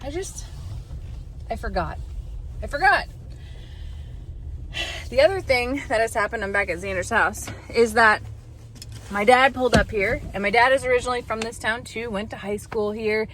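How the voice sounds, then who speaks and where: A woman with a fairly high voice talks casually to her camera while out on errands, chatty and heartfelt. Faint car and road noise hums behind her, as if she films from inside a vehicle. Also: a little fast, fairly bright tone, poor audio. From Texas. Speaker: vlogger. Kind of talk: casual vlog narration.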